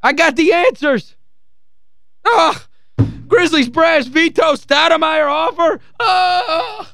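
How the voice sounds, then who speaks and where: A sports radio host with a very high-pitched voice, worked up and exasperated, stacking repeated phrases on top of each other as he rants. The studio sound is close and dry, with no room around him. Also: slow, bright, forceful tone, no room sound. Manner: heated, exasperated, emphatic ranting. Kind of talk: call-in sports talk rant.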